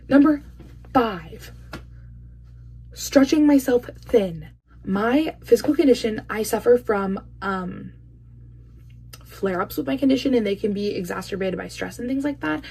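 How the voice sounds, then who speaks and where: A woman's voice: on the high side, dark tone, a little hiss or hum. A young woman talking casually to camera in a vlog, chatty and opinionated with emphatic bursts. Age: young adult. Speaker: vlogger.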